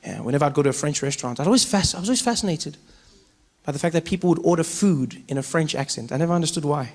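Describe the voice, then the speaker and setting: A man from South Africa performing a stand-up comedy routine, animated and storytelling as he acts out other people. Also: fairly high pitch, rapid-fire. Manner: animated storytelling, acting out characters.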